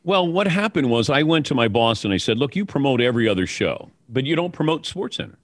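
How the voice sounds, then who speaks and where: A man, a sportscaster, telling anecdotes in an interview in a relaxed way. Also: medium pitch, quick pace, no echo. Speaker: guest, sportscaster.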